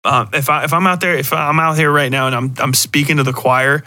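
Profane rambling man with a bright voice. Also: on the high side, a little fast, dry recording, studio quality. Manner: profane, rambling, animated, frequent restarts. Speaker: podcast host. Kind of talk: casual solo rant.

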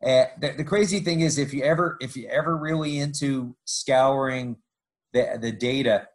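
Male podcast host, mid-pitched, chatty sports-history storyteller with wry asides. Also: normal speed, a little hiss or hum, rough recording. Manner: lively storytelling with joking asides. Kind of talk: casual sports history narration.

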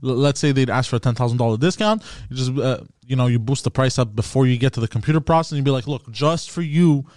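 A man's voice: mid-range voice, very fast, a little mellow, no room sound. A man with an ordinary mid-range voice explains his old work earnestly on a podcast. He hesitates and restarts often. The sound is dry and close. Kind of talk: casual chat, telling work stories.

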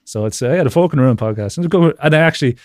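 A man's voice: on the high side, animated, rapid-fire, darkish tone, dry recording, studio quality. A man as a guest on a video-call interview, rambling casually with lots of fillers and frequent laughs. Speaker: podcast guest.

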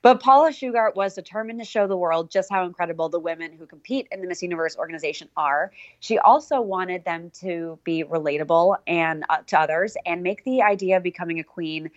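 Podcast lady, lower voice, upbeat and casual, dry slightly muffled audio. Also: fairly quick, few pauses, dry recording. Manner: upbeat, casual, talks to listeners directly. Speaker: podcast co-host.

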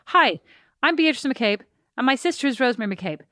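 A woman co-hosting a casual podcast chat with her sister, self-mocking and quick to laugh. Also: sits high, lively intonation, sharp tone, no room sound, clean studio sound, faint music behind. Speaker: podcast co-host.

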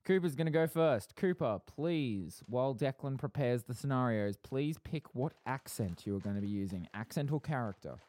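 A podcast host explains an improv game and ribs his co-host in a mock-stern way during a casual chat. His mid-range voice is lively and a little mellow, at a moderate pace with few pauses.

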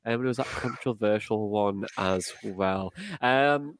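A man's voice: on the low side, slow, few pauses, no room sound. A man hosting a football podcast, chatty and jokey, laughing easily as he steers the talk. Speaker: podcast host. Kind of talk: casual podcast chat.

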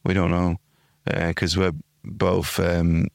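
A man's voice: deep voice, completely flat delivery, slow, gravelly, no echo, clean studio sound. A young man co-hosting a podcast, telling crude anecdotes with lots of swearing and doing voices of the people in his stories. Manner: swearing, laughing storyteller who mimics other people. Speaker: podcast co-host. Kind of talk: casual banter telling anecdotes. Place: home studio.

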